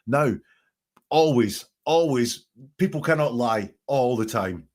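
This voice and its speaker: A man's voice: medium pitch, lively intonation, takes it slowly. A man hosting a live podcast, thinking aloud with frequent ums as he analyzes quoted statements step by step. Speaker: podcast host analyzing language.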